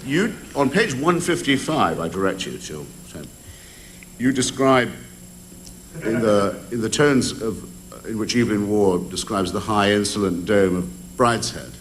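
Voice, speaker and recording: A man's voice: fairly low pitch, expressive, a little slow, slight background noise. An Englishman cross-examining an opponent in a debate in a public hall, wry and ironic, with hesitant ums. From England.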